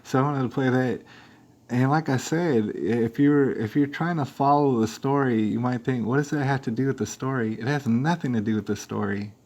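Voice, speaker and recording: A man's voice: medium pitch, moderate pace, a little mellow. A man hosting a live stream, giving rambling, speculative commentary on news clips with many fillers and restarts.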